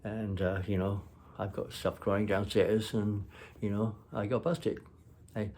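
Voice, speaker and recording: A man casually telling a personal story, rambling and halting with many fillers and restarts. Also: fairly low pitch, flat delivery, a little mellow.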